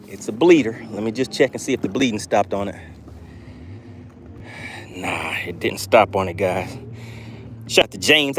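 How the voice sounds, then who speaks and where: A man hosting a live fishing stream from a boat, excitedly talking to his viewers and reading their chat aloud. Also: mid-range voice, a little hiss or hum. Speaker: fishing channel host. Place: on a boat on open water. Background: jet skis and outdoor ambience.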